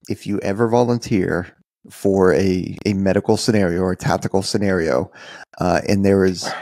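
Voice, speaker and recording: A man with a low, gravelly voice co-hosts a podcast. He talks casually and rambles, often restarting his sentences. The recording is close and dry. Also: dark tone, dry recording.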